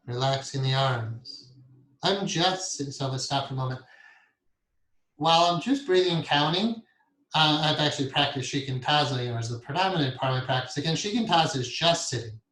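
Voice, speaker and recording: Calm meditation teacher in an echoey room. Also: male voice, mid-range voice, brisk. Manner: calm, soft-spoken, chuckles often. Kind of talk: guided meditation lesson.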